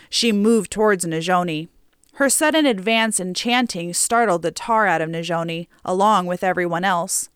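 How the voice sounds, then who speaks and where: A woman reading a story aloud as an audiobook narrator, steady and measured, on a close mic. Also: fairly low pitch, clear, resonant tone, no echo.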